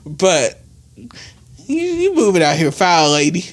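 A man's voice: sits high, sing-song, measured pace. A man co-hosting a podcast, chatting in a blunt, mocking, profane way. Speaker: podcast co-host. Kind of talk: casual comedic chat.

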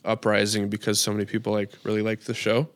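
A man's voice: lowish voice, completely flat delivery, fast talker, no echo. A man co-hosting a podcast, chatting casually and rambling with lots of "like" fillers. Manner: rambling, heavy use of "like". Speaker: podcast co-host. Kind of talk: casual chat.

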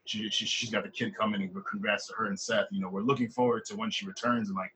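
A man's voice: on the low side, level tone, fast talker, sharp tone, a little hiss or hum, poor audio. A man co-hosting a casual wrestling chat podcast, often stammering and repeating words. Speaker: podcast co-host.

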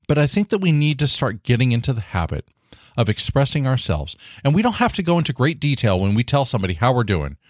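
A man's voice: mid-range voice, big pitch swings, quick pace, no room sound, studio quality. A man hosting his own podcast in casual solo talk, earnest and encouraging, with many fillers like "you know.". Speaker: podcast host.

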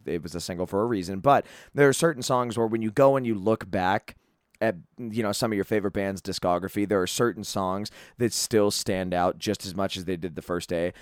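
Man, podcast host, casual album review, rambling, swears a lot, smooth voice, dry sound. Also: lowish voice, no echo. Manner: rambling, casual, swears freely, lots of fillers.

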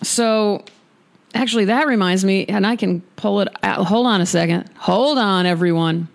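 Between poems, a female podcast host chats from her studio in an open, emphatic way, making light of herself. Her mid-range voice is gravelly and moves at a moderate pace, with a little hiss or hum in the background.

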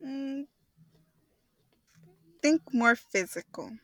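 A woman's voice: high voice, animated, very slow, fairly bright tone, dry recording. A young woman from Texas co-hosting a podcast, quizzing her partner in playful casual chat and laughing often. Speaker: podcast co-host.

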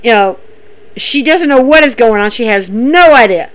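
High-voiced woman recapping wrestling. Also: moderate pace, low-quality recording. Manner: excitable storyteller acting out quotes. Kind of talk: casual recap podcast.

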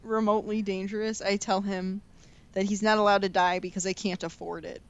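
A young woman chats on a casual podcast, her voice sitting in an ordinary middle pitch. She tells stories in a playful, giggly way. She laughs often as she talks. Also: flat delivery, a little fast, no echo, dull audio. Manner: chatty, giggly, playful storyteller. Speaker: podcast co-host. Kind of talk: casual chat.

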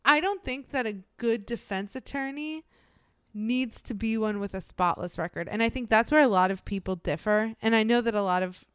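A woman's voice: fairly high pitch, normal speed, fairly bright tone, smooth, no echo, studio quality. A young woman co-hosting a casual podcast, talking bluntly and animatedly with frequent swearing. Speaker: podcast co-host. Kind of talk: casual chat.

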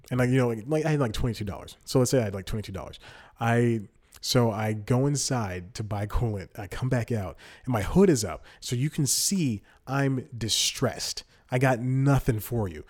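A man's voice: fairly low pitch, a little mellow. A man in his twenties hosting a solo comedy podcast, rambling through stories with frequent restarts and laughs. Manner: rambling, restarts often, laughs mid-sentence. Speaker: podcast host.

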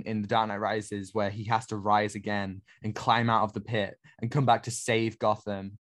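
A man co-hosting a podcast, talking casually and with effusive enthusiasm. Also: lowish voice. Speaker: podcast co-host.

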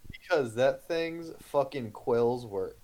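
This man's voice sits at an ordinary middle pitch. He co-hosts a casual podcast and tells his stories with a boastful, profane swagger. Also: expressive, slow pace, mellow, slight background noise.

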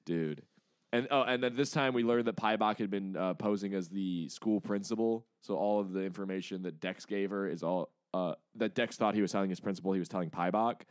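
A man co-hosting a casual comic-book podcast, retelling the story in an animated way and slipping into quick character voices. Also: fairly low pitch, clear, resonant tone, dry recording, studio quality. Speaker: podcast co-host.

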